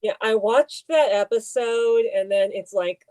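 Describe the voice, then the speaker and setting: A young woman co-hosts a casual podcast, speaking slowly in a mellow, warm voice. She hesitates often, pausing and restarting her sentences. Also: on the high side, rough recording. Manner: hesitant, many ums and restarts. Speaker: podcast co-host.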